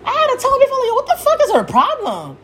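Heated high-pitched young woman ranting. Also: wildly swooping pitch, quick pace, a little hiss or hum. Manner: heated, cursing freely, yelling at times. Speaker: podcast host. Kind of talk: profane rant.

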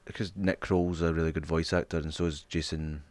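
A man's voice: rumbling low, flat delivery, brisk, darkish tone, dry recording. A man co-hosting a podcast in casual chat, swearing freely and laughing often. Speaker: podcast co-host.

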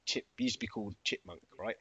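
A man's voice: on the low side, fast, a bit bright, slightly rough, no echo, muffled recording. A man, casually chatting on a podcast, laid-back and slangy, often laughing. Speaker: podcast co-host. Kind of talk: casual chat.

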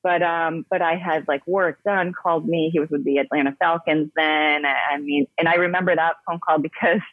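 Husky-voiced woman on a tinny line. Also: low-pitched, steady tone, normal speed, dry recording. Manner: emphatic, chatty, many fillers and restarts. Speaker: interview guest, yoga coach for pro athletes. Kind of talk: casual interview storytelling. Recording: dry, phone-like narrow sound.

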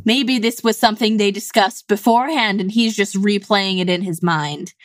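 A woman's voice: mid-range voice, no echo. Wry woman co-host, dry close sound. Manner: wry, measured, analytical. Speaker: podcast co-host. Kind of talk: casual chat.

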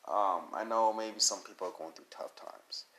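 A podcast host with a cold, needing to blow his nose, talks casually on his solo show, rambling earnestly and encouragingly with plenty of fillers. His voice is fairly low with a sharp tone and a moderate pace, and there's a slight hiss or hum.

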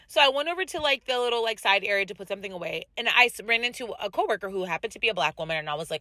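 A woman hosting her own podcast, telling stories in a casual, animated way, with lots of "like" and asides to her listeners. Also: a little high, racing, hardly any pauses, no room sound. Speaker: podcast host. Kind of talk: casual storytelling chat.

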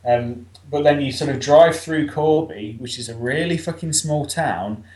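A man's voice: fairly high pitch, measured pace, darkish tone, echoey room. A man from England with an East Midlands accent, a podcast guest chatting casually and bluntly, swearing freely as he tells stories. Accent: East Midlands English.

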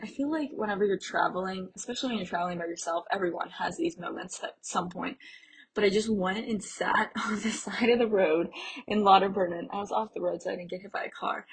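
A young woman from Pennsylvania recounts her travels in a loose, chatty way, peppering her sentences with "like" and little laughs. Her voice is very breathy and airy, sitting at an ordinary middle pitch. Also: low-quality recording. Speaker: travel vlogger. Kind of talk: casual travel storytelling.

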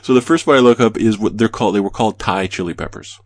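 Male podcast co-host, lowish voice, easygoing anecdotal storyteller, dry close recording. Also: fast talker, dry recording. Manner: laid-back anecdotal storyteller. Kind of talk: casual chat.

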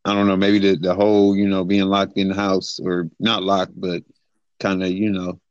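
A man co-hosting a podcast, talking casually in halting, hesitant bursts full of fillers. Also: sits low, level tone, dry recording, lo-fi sound. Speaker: podcast co-host. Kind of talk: casual chat.

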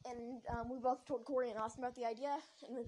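A woman telling a story in a rambling, excited way, with lots of restarts and asides. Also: on the high side, fast talker, background noise. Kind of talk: casual storytelling.

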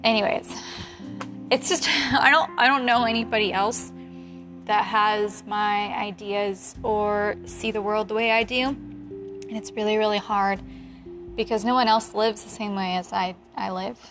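A woman in her late twenties, a photographer, chatting casually in an animated, heated way and laughing often. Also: medium pitch, unhurried, music in the background. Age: 20s. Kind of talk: casual chat.

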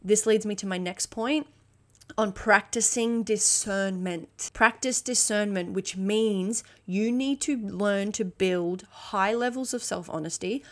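A woman's voice: mid-range voice, slow pace, a bit bright. A woman coach giving a motivational solo podcast talk, blunt and emphatic, swearing freely and checking in with "okay?". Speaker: fitness and mindset coach.

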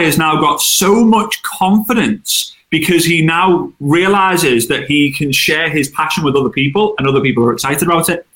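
A man talks as an interview guest, spinning chatty, animated anecdotes. His voice sits a touch high and has a sharp, forceful edge. The room around him rings with a noticeable echo. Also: normal speed. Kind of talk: casual interview storytelling. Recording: roomy echo.

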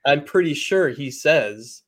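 A man's voice: fairly high pitch, expressive, slow, crowd noise. A man co-hosting a podcast, chatting in an easygoing, upbeat way. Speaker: podcast co-host. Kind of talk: casual chat.

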